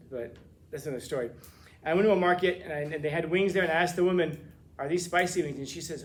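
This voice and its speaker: A man with a slightly high voice lectures his class in a joking, animated way, full of quick asides and playful teasing. A faint hum of room noise sits behind him. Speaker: teacher.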